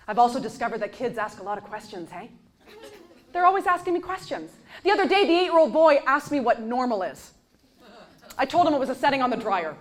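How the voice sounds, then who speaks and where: A woman performing a stand-up comedy set on stage, with a punchy, sarcastic delivery and deadpan asides. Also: high voice, brisk, slight background noise. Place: comedy stage before a live audience. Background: audience laughter.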